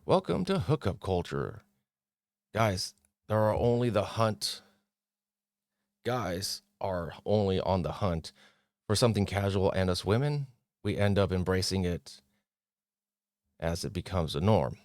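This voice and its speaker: Low-voiced man riffing on an article. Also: measured pace, pauses often, dry recording, clean studio sound. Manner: animated, mocking impressions of others. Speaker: podcast host. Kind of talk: casual commentary reading an article.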